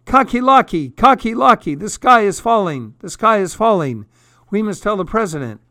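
A man voicing a storybook rooster crowing out loud alarmed warnings. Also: big pitch swings, moderate pace, no echo, clean studio sound, heavily acted. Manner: shrill crowing yells.

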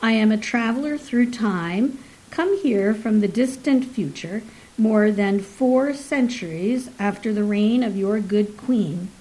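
A woman's voice: medium pitch, takes it slowly, warm tone, lightly acted, rough recording. A woman doing an urbane professor. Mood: superior. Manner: formal, polite. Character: urbane middle-aged male professor, time traveler, flustered.

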